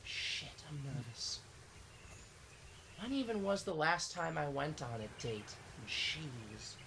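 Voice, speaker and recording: A streamer reading a visual novel's narration aloud on a live stream, expressive, with muttered asides. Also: mid-range voice, measured pace, vocal fry, a little hiss or hum.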